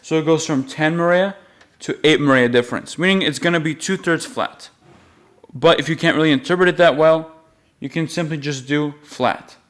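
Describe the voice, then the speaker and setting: A man giving a patient, step-by-step music lesson, explaining the rules and then slowly singing the note names. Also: fairly high pitch, a bit bright. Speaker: music teacher.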